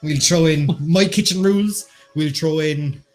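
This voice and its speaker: A man's voice: fairly high pitch, unhurried, soft background music. A man with an Irish accent co-hosting a casual online quiz, bantering and reading out the chat. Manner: joking, bantering, reads chat aloud. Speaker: quiz co-host.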